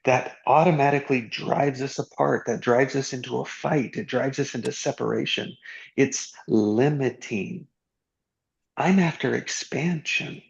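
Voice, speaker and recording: A man hosting a reflective group conversation on a video call, musing aloud and slowing his words for emphasis. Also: medium pitch, vocal fry, highs cut off.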